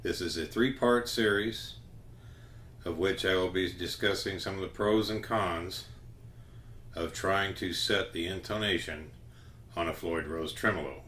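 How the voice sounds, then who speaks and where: A man hosting a home guitar tutorial, short of breath and speaking in slow, halting phrases with pauses. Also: sits low, fairly bright tone, a little hiss or hum.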